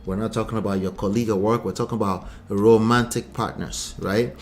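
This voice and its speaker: A man with a lowish, steady voice talks a little fast as he hosts a relationship livestream. A relationship coach and channel host, he reads viewer comments and answers with emphatic, repeated points and rhetorical questions, laughing often and mocking quoted lines in put-on voices.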